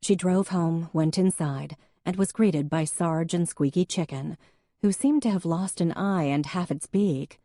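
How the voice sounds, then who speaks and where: Woman audiobook narrator, low warm voice, dry close recording, measured delivery. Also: no room sound. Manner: even, measured storytelling.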